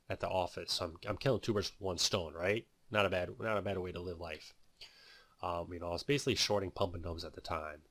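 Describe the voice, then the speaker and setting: A man's voice: low-pitched, a bit bright, no echo. A man telling his own story and teaching day trading in a loose, rambling way, full of "you know" fillers. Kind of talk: casual spoken testimony.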